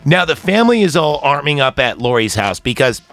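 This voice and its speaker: A man's voice: medium pitch, very animated, fairly quick, a bit bright, soft background music. Crude, joking male podcast co-host, mid-range voice, casual movie recap. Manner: crude, joking, quotes characters in bits.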